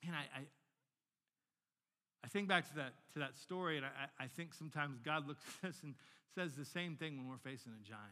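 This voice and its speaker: A man's voice: on the high side, fairly quick, pushed and bright, in a large hall. A pastor in his forties, telling stories animatedly in a sermon and often repeating words as he restarts a sentence. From Northern Virginia, United States.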